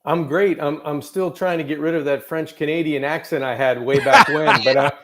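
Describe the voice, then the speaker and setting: Easygoing middle-aged ex-quarterback guest. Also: male voice, a little high, steady tone, normal speed, noisy background. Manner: easygoing, long rambling answers. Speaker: guest, former quarterback and announcer. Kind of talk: radio interview.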